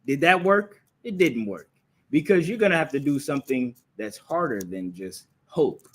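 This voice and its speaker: The teacher of a live-streamed religious class scolds as he preaches, leaning on rhetorical questions and repeating phrases to drive points home. His mid-range voice is animated and a bit bright, at a normal speed, coming through a phone or computer stream.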